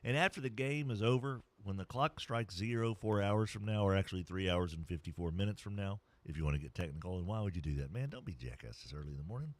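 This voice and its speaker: A man's voice: deep voice, lively intonation, fast, few pauses, no room sound. A man hosting a morning sports radio show, joking his way through live ad reads. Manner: playful, jokey, mock-whispers and funny voices during ad reads.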